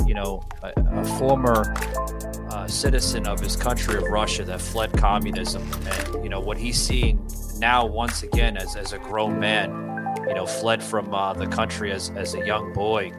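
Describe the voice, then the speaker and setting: A man hosting a podcast, giving political commentary in a halting, distraught way with many restarts. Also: on the low side, fairly even intonation, over loud music, low-quality recording. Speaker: podcast host.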